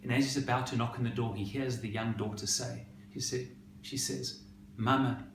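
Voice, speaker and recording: A male rabbi delivers a sermon and tells its story in an expressive, dramatic manner. His voice sits at an ordinary pitch. The recording has a roomy echo and a faint background hiss. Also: fairly quick, gravelly.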